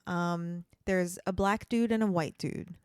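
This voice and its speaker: A woman's voice: lowish voice, steady tone, unhurried, a little mellow, clear, resonant tone, dry recording. A woman co-hosting a podcast, chatting casually with questions and jokes. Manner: questioning, joking. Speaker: podcast co-host. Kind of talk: casual chat.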